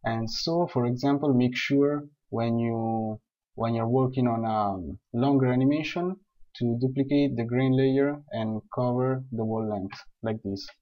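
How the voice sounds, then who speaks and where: A man calmly explaining software steps one by one in a screen-recorded tutorial. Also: medium pitch, unhurried. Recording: dull lo-fi voice recording.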